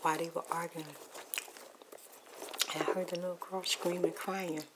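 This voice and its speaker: A woman's voice: fairly low pitch, level tone, moderate pace, very noisy. A woman whispering a rambling ASMR storytime while eating popcorn, with crunching clicks in the background. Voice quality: mostly whispered, soft-spoken. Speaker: ASMR YouTuber.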